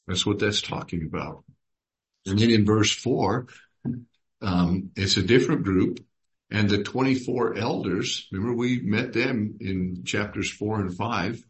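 A man leading a Bible study, reading verses aloud and putting questions to his group. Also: fairly low pitch. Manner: unhurried, reads scripture aloud and asks the group questions.

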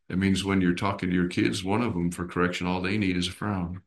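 A man's voice: low voice, fast talker, hardly any pauses, fairly bright tone. A man teaching a small Bible study group in a conversational way. He asks his listeners questions and acts out little voices and expressions as he explains.

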